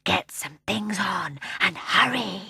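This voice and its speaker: A woman's voice: mid-range voice, animated, gravelly, husky, no echo, clean studio sound, exaggerated voice. A woman voicing a mysterious unseen voice that urgently hurries two children along. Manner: urgent, hurried, hushed at first.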